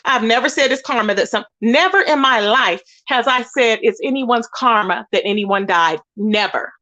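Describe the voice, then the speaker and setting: A woman's voice: fairly high pitch, moderate pace, bright, forceful tone. A woman hosting a livestream, ranting indignantly and emphatically while greeting chat viewers. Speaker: livestream host. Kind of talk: heated livestream rant.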